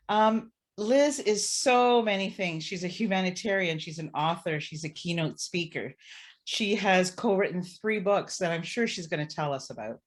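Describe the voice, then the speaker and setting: A woman hosts a podcast interview, introducing her guest with effusive, admiring praise. Her speaking voice sits a little low. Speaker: podcast host.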